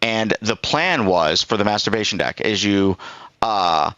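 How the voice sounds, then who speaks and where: Bright-voiced man telling a rambling story. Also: lowish voice, expressive, measured pace, no room sound, lo-fi sound. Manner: rambling storyteller, acts out both sides of the dialogue. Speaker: streamer. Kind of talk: casual anecdote on a live stream.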